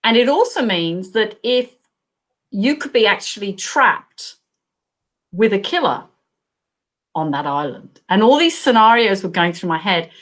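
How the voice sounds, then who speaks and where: Woman author from Australia, animated storyteller, laughs often, on a video call. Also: medium pitch, unhurried, long pauses. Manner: acts out quoted voices. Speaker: crime thriller author. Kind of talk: live video chat interview.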